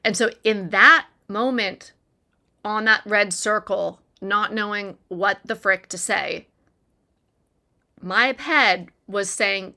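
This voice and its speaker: Woman storyteller, bright, earnest, chatty; vlog confessional delivery. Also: medium pitch, slow pace, gravelly. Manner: earnest, conversational, frequent "like" and "right?". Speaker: recovery content creator. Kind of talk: personal storytelling to camera.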